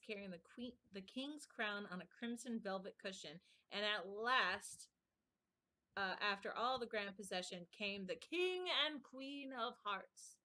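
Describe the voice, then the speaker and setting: Brief: woman narrator for a read-aloud stream, bright, clear, measured. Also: medium pitch. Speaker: stream host reading aloud.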